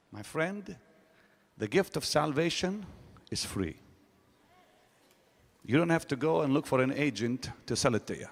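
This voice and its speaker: Emphatic preacher in a big hall. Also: male voice, on the high side. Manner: emphatic preaching with sudden rises and drops. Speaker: pastor. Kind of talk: sermon. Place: large hall.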